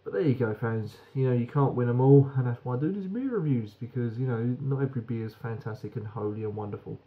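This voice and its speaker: A man's voice: mid-range voice, quick pace, phone-quality sound. A British man giving a frank, rambling beer review that swears casually.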